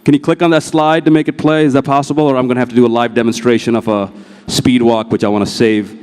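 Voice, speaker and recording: A man speaks from the stage of a large event hall as a motivational speaker. He tells his story with blunt swearing and acts out the dialogue himself, in a voice of ordinary pitch. The long hall reverb trails after his words. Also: little pitch movement, quick pace, a little mellow, smooth. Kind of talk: live keynote talk with slides.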